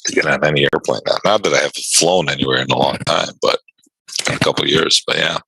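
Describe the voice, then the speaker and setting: A man's voice: a bass voice, quick pace, gravelly, sharp tone, husky, dry recording, poor audio. A man hosting a day trading show, chatting casually and telling rambling, amused stories with chuckles. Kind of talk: casual chat during a live trading session.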